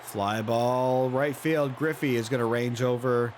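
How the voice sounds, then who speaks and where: Guy in his 30s calling a baseball video game, jokey and chatty, mid-pitched voice, noisy hissy recording. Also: unhurried. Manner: chatty, joking play-by-play with excited outbursts. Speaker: play-by-play commentator. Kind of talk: casual video game commentary.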